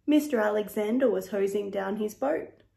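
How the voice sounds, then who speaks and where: A woman reading a children's picture book aloud in a slow, expressive, rhythmic way. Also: mid-range voice, gravelly. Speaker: storyteller. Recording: echoey room.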